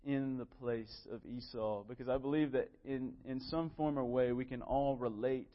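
A man's voice: medium pitch, fairly even intonation, moderate pace, dull audio. A man in his twenties preaching a sermon in a church, reading scripture and telling stories with earnest, self-deprecating humor. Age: 20s. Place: church sanctuary.

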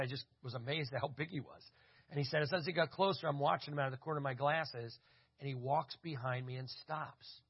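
A man tells a story in a sermon, acting out what people said. His voice is husky and mid-pitched. The recording sounds dull and lo-fi. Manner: animated storyteller acting out dialogue. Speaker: conference speaker. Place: church. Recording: dull lo-fi audio.

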